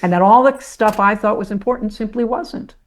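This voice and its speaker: A woman's voice: medium pitch, brisk. An older woman, a former sportscaster turned teacher, telling her life story as a podcast guest in a blunt, salty, self-mocking way. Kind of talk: candid personal storytelling.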